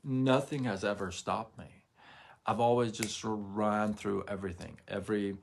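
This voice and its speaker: A man hosting a motivational livestream, talking earnestly and haltingly, often repeating words and checking that viewers follow him. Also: on the low side, steady tone, vocal fry, a little hiss or hum. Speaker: livestream host. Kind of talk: emotional motivational livestream talk.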